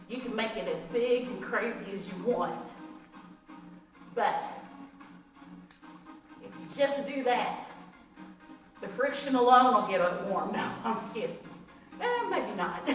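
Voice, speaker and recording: Lady teaching a belly dance workout, slow steady counting, sounds far off in a really echoey room with music going. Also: a little high. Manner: counts out moves and cues while demonstrating; jokey asides with laughs. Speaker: fitness instructor. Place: recreation center room.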